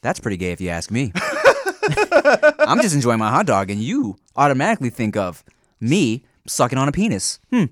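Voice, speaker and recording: A man's voice: mid-range voice, big pitch swings, fast talker, no echo, clean studio sound. A man co-hosting a podcast, chatting casually with blunt, profane banter. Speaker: podcast co-host. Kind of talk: casual chat.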